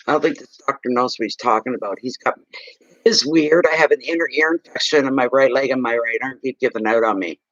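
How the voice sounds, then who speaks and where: A man's voice: mid-range voice, fairly bright tone, no room sound, dull audio. A man in his sixties, a psychic reader, chatting in a rambling, casual way on a livestream. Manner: rambling, chatty, talks while eating.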